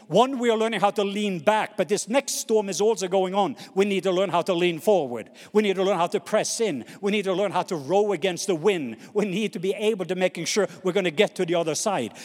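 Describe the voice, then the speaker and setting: High-voiced preacher in a reverberant hall. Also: male voice. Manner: call-and-response, has the congregation repeat words; slows down to read scripture dramatically. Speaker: pastor. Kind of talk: sermon.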